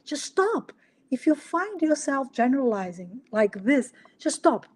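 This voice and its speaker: A woman hosting a solo podcast in an animated coaching style, asking rhetorical questions and making small grammar slips. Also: sits high, moderate pace. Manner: animated, acts out little dialogues, asks rhetorical questions. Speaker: podcast host.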